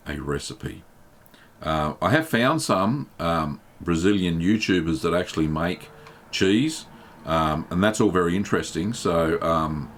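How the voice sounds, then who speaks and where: A man hosting a live stream, reading viewers' questions aloud and answering them in a relaxed, chatty way with plenty of ums. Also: rumbling low. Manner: relaxed and chatty, reads chat messages aloud, many um fillers. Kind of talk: casual live Q&A chat.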